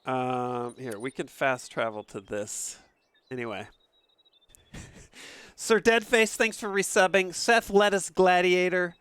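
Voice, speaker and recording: A man casually commentating a game stream from an upstairs room at home, excitable and profane, laughing often. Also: high-pitched, takes it slowly, clear, resonant tone, dry recording.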